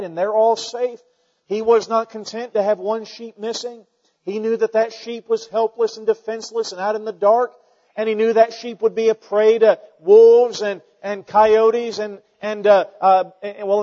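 A man preaching a sermon, telling stories and swinging between loud emphatic peaks and quiet asides. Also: high-pitched, long reverb tail, highs cut off.

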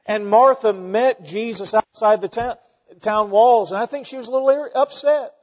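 High-voiced preacher in an echoing hall. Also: male voice, normal speed. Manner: earnest preaching with frequent fillers and restarts. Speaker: pastor. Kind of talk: sermon. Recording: dull sound with long hall reverb.

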